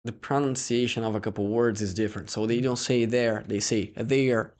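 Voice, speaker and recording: This young Brazilian man talks quickly in a lowish voice with a Brazilian Portuguese accent. Appearing as a guest in a casual English interview, he tells animated stories and acts out the quoted voices.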